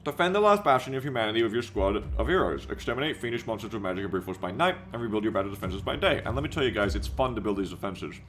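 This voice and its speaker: A man's voice: on the low side, animated, very fast, hardly any pauses, fairly bright tone, slight background noise. Chatty, swearing game streamer man. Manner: loose and chatty, swears, reads out chat. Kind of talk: casual livestream commentary.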